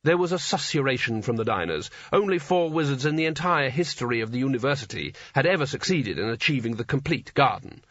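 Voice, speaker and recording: A man giving a scripted story narration in a dry, wry, measured way. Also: medium pitch, lively intonation, fairly bright tone, dry recording. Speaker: audiobook narrator. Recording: dull lo-fi dry recording.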